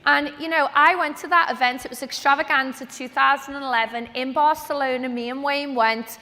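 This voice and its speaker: A woman, giving a lively, chatty motivational talk on stage at a business event. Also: high-pitched, a little fast. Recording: long reverb of a large hall.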